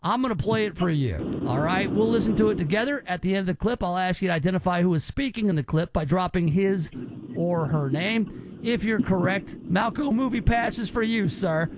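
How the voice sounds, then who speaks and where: A man's voice: sits high, brisk, dull audio, background noise. A man hosting a radio show, teasing callers in casual, rambling banter.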